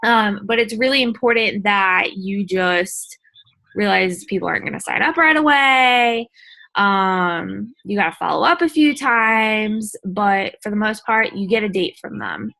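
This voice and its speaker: A woman's voice: medium pitch, measured pace, gravelly, pushed and bright, no echo. A woman giving a casual coaching talk to her sales team, chatty and full of fillers, often acting out the messages she sends. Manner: chatty, acts out message exchanges, many fillers.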